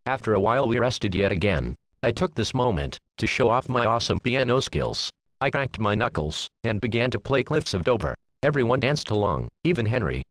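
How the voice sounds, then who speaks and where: A man narrating a comedic parody storybook in the first person, in a deadpan way full of crude jokes. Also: mid-range voice, fairly quick, hardly any pauses, no echo.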